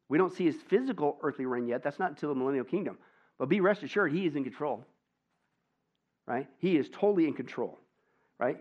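A male pastor preaching a lively, conversational sermon and tossing questions to his listeners, on a dull lo-fi recording. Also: fairly high pitch. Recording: dull lo-fi sound.

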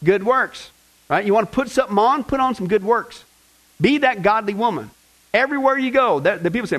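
A male pastor preaching a lively sermon, joking and talking straight to his congregation. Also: sits high, brisk, rough recording. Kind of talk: sermon with fill-in-the-blank notes.

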